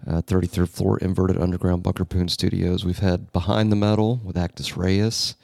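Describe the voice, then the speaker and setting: A man's voice: sits low, little pitch movement, moderate pace, creaky, warm tone, no room sound. A man hosting a podcast in casual chat, swearing and joking with his co-hosts. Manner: swearing, joking, puts on mocking voices. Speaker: podcast host.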